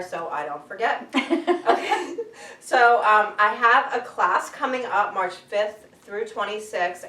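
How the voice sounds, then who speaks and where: A woman guest, an animal communicator, telling stories in an animated, chatty way and laughing often. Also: medium pitch. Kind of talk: casual storytelling interview. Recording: echoey room, distant mic.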